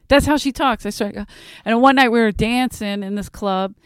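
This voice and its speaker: A woman, swapping stories in a loose, animated chat. Her voice is smooth and clear, recorded dry and close with no room sound. She laughs a lot and puts on the voices of the people she quotes. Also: a little high, fairly quick, dry recording. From South Philadelphia. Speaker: comedy podcast host. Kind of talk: casual storytelling chat.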